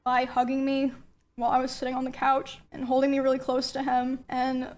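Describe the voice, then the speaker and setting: A woman giving a personal statement, soft and halting with many pauses. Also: high voice, monotone. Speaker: streamer telling her account.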